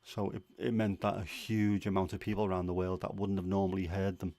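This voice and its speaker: A man's voice: low-pitched, monotone, a little fast, gravelly, warm tone. A man with a Scouse accent from Liverpool, hosting a livestream and chatting casually with viewers, rambling with plenty of fillers. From Liverpool, England. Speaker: livestream host. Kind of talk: casual chat answering viewers.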